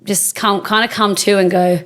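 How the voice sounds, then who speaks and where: A woman's voice: mid-range voice, steady tone, moderate pace, fairly bright tone. A woman co-hosting a podcast, telling a story in casual chat, acting out quotes with many fillers. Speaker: podcast co-host.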